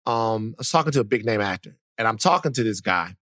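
A man co-hosting a podcast in casual chat, a teasing, animated storyteller who acts out what others said. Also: on the low side, fast talker, dry recording, studio quality. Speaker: podcast co-host.

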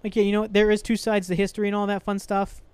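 A man's voice: high voice, little pitch movement, rapid-fire, darkish tone, clear, resonant tone, no room sound. A young man hosting a solo podcast, ranting angrily and profanely with frequent sighs and restarts. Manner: angry, profane, rambling rant with sighs. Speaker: podcast host.

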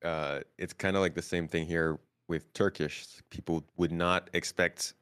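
A man's voice: sits low, steady tone, measured pace, fairly bright tone, clean tone. A man from the United States on a panel, talking in a laid-back way and laughing often. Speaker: guest content creator. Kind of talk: casual panel chat.

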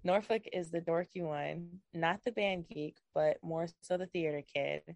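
A woman's voice: lowish voice, a little slow, vocal fry, dry recording. Chatty young woman, dry sound. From Virginia, USA. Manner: animated and rambling, laughs often. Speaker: guest. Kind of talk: casual chat.

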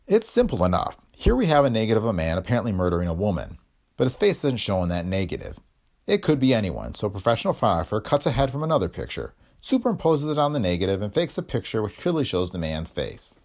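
A man doing a calm, smug detective laying out a case, bland and lecturing. The voice stays low, with pitch that rises and falls widely as he explains. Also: quick pace, heavily acted.

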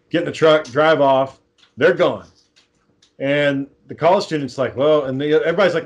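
A man in casual chat, rambling through a low-budget horror film plot, swearing freely and acting out the characters' lines. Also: brisk. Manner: rambling, profane, acts out quoted lines. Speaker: amateur filmmaker pitching a script.

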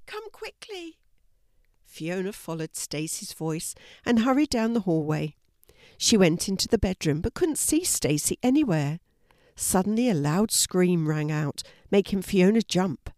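An older woman reading a children's story aloud, calm and clear. Her voice sits low and gentle. The recording is dry and close. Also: unhurried, no room sound.

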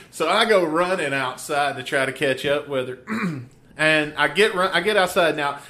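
Dude cohosting a podcast, kinda high voice, swears a lot, laughs thru his stories, chewing gum. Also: expressive, normal speed, fairly bright tone. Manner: profane, laughing storyteller. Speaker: podcast co-host. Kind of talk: casual podcast chat.

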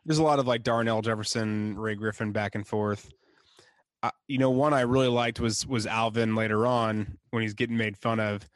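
A man's voice: on the low side, fairly even intonation, moderate pace, no echo. A man co-hosting a podcast, chatting casually and chuckling often as he recalls scenes. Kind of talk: casual chat.

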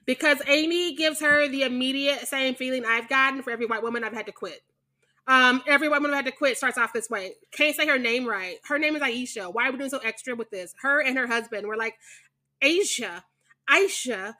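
A young woman co-hosting a podcast in casual chat, blunt and animated, swearing freely. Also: high voice, quick pace. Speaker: podcast co-host.

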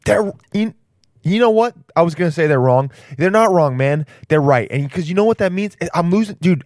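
A man's voice: a little high, dry recording, clean studio sound. A man hosting his own podcast, rambling casually in slang and calling the listener "dude". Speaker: podcast host. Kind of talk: casual solo podcast monologue.

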